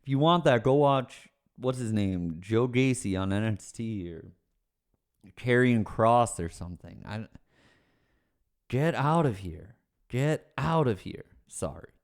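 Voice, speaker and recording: A man's voice: mid-range voice, animated, slow, darkish tone. A man on a livestream chatting casually with viewers, ranting, swearing and then apologizing with a laugh. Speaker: streamer answering chat questions.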